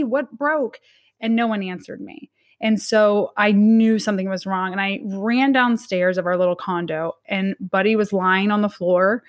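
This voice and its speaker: Woman, 30s, interview guest; earnest and halting, restarts often, mid-pitched voice. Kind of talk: personal story in an interview.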